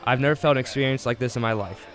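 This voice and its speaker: A man's voice: mid-range voice, rapid-fire, loud music behind the voice. A young man narrating his own food challenge in a dramatic, grandiose documentary style. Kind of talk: mock-epic documentary narration.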